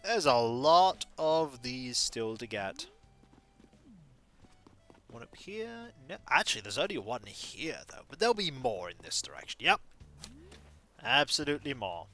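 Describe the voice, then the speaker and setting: A man's voice: medium pitch, big pitch swings, unhurried, long pauses, pushed and bright, faint music behind. A man in his thirties streaming a video game, chatting in a playful, rambling, self-mocking way. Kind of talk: casual live game stream commentary.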